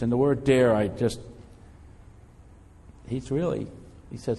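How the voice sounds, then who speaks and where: Conversational preacher in a reverberant hall. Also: male voice, mid-range voice, lively intonation, fairly quick, dark tone, breathy edge. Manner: conversational, repeats words while finding phrasing. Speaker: pastor. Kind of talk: sermon.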